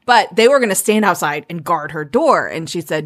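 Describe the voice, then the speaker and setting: A woman's voice: medium pitch, sing-song, fairly quick, few pauses. A woman in a casual chat, enthusiastically discussing a novel with many fillers.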